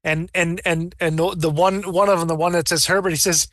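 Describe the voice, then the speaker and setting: Bright-voiced man running a tabletop game. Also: on the high side, a little fast, hardly any pauses, no echo, studio quality. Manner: rambling, animated, breaks into character voices. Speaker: game master.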